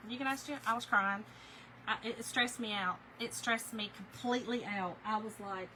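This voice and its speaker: A woman hosting a crafting livestream, chatting with viewers in an animated, storytelling way while she works. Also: on the high side, moderate pace, a little hiss or hum, rough recording. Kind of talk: casual chat while crafting, reading viewer comments.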